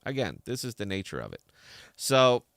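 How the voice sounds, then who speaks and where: A man's voice: on the low side, huge pitch swings, moderate pace, vocal fry, a bit bright, dry recording, clean studio sound. A man hosting a podcast in an opinionated, heated solo rant, talking with a slight lisp and repeating words as he gets worked up. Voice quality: slight lisp from a dental hole. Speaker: podcast host.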